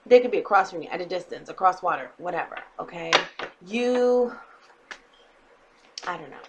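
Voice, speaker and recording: A woman's voice: on the low side, lively intonation, normal speed, noisy background. A woman giving a casual tarot reading to her viewers, blunt and emphatic, swearing freely and often checking in with "okay?". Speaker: tarot reader.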